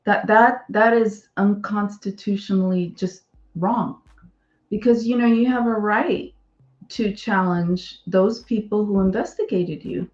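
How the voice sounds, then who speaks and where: A woman's voice: mid-range voice, a little slow, echoey room, muffled recording. A woman co-hosting a podcast, bluntly explaining legal points in casual discussion.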